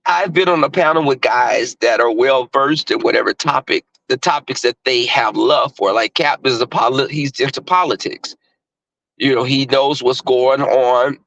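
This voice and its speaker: A man's voice: medium pitch, gravelly, a bit bright, dry recording, poor audio. A middle-aged man with a Southern US accent talks to viewers in a blunt, profane, casual monologue, full of fillers and restarts. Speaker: online talk host.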